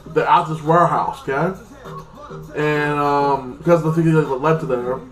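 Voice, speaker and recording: A man casually recapping a TV episode in a rambling way, full of fillers, acting out the characters' lines in quick voices. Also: fairly high pitch, steady tone, soft background music. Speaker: TV episode reviewer.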